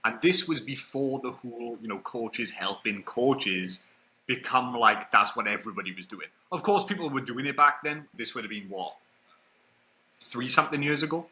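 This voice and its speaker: A man in his early twenties, a podcast guest telling a story in a casual, animated way and acting out what other people said. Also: mid-range voice, normal speed, poor audio. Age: early 20s.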